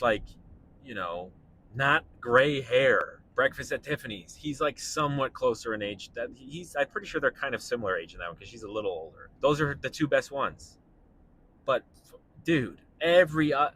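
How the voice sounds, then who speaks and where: A young man with a bright, forward tone rants in his car, incredulous and animated, with his voice jumping up as he acts out other people. He talks in a loose, casual way, full of fillers and exclamations. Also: mid-range voice, a little hiss or hum. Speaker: stand-up comedian vlogging. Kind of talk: casual rant while driving.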